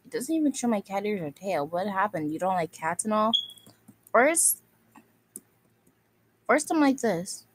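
A woman's voice: mid-range voice, very animated, unhurried, pauses often, noisy background. A woman delivering an angry, scolding rant at other video makers, insulting them and circling back to the same phrases. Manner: scolding, insulting, repeats itself.

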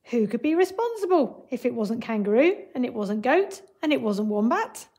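A woman teacher with a fairly high voice walks young children through word problems and then reads them a picture book. She speaks clearly and patiently, the way you talk to a class of young kids. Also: very animated, normal speed, a little mellow. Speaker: primary school teacher. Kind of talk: remote maths lesson and picture-book read-aloud.

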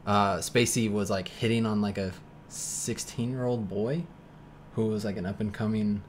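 Here a male podcast host reacts to movie trailers in a loose, rambling way, leaning on fillers and second-guessing himself. His voice is fairly low and steady, his pace moderate, and his streaming mic picks up slight background noise.

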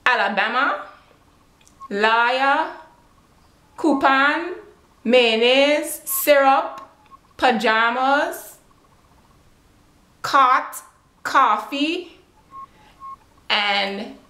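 Slow-talking Caribbean woman in an echoey room. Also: high-pitched, sing-song, pushed and bright. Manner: slow, drawn-out word-by-word reading. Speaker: beauty vlogger. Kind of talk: casual word-list accent tag. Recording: roomy home room echo.

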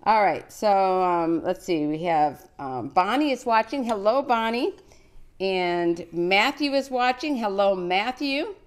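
A woman's voice: medium pitch, expressive, slow pace, clear, resonant tone. A woman in her sixties hosting a live cooking show, chatty and encouraging, reading out greetings from viewers. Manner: frequent fillers and restarts. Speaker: host of a children's cooking show.

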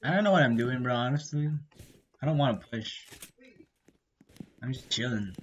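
A gaming creator doing casual let's-play commentary, excitable and slangy, blurting reactions and yelling at other players. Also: medium pitch, normal speed, highs cut off, slight background noise. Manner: slangy gamer talk.

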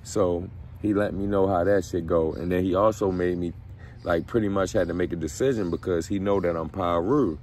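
A man telling a story casually, in a profane, slangy, animated way. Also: low-pitched, moderate pace, slight background noise. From Baltimore. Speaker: vlogger.

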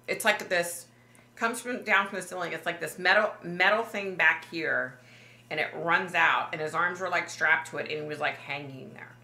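Low-voiced woman, halting emotional vlog retelling. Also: bright, forceful tone, echoey room. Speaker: psychic medium vlogger. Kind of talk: personal vlog storytelling.

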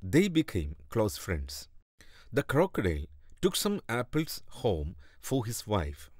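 Male narrator for a kids' fable, slow and deliberate, low and animated. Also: no echo, studio quality. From India. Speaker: storyteller. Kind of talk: scripted storybook narration.

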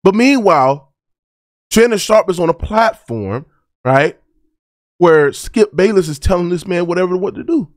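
Reaction host: heated man, high voice, dry close sound. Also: expressive, normal speed, no echo. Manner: heated, preachy, repeats "right?". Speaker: sports debate host. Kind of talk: reaction commentary.

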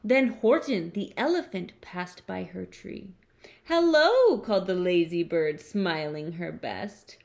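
Slow expressive storytelling woman. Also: fairly low pitch, vocal fry. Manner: expressive, putting on character voices. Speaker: teacher reading aloud. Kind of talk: read-aloud storytelling.

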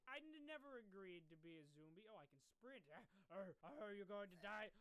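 A man hosting a gaming video with jokey, exclamatory commentary that swings from loud outbursts to mumbled asides. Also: high-pitched, animated, fairly quick, hardly any pauses, clean tone, dry recording, rough recording. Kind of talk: energetic let's-play commentary.

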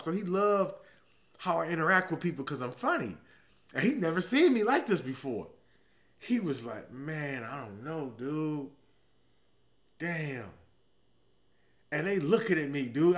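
A man hosting his own podcast, telling a story in a loose, comic way. His voice sits a bit high and sounds bright and forceful. He is very animated, dropping into low, mumbled asides and then bursting out loudly. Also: a little fast. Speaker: podcast host.

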